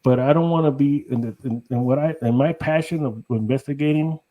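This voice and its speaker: A middle-aged man from Texas talks as a podcast guest, loose and rambling. He laughs often and strings his thoughts together with "you know". His pitch sits in an ordinary middle range. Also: fairly quick, narrow, tinny audio. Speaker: guest, paranormal investigator. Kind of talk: casual podcast chat.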